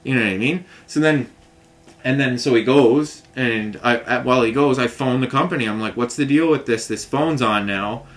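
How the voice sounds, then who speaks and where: A man's voice: mid-range voice, moderate pace. Man, casual vlog monologue, venting and rambling with a mid-range voice and a heavy use of filler words. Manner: frustrated, rambling storytelling full of "like" and "you know what I mean". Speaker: vlogger recounting a customer complaint.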